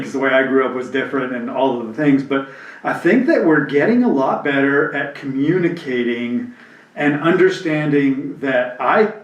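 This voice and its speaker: A man's voice: mid-range voice, dull audio. Reflective man, roomy distant sound. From New Jersey. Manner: candid, reflective, acts out quoted voices. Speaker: podcast co-host. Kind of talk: casual chat. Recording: roomy, mic set back.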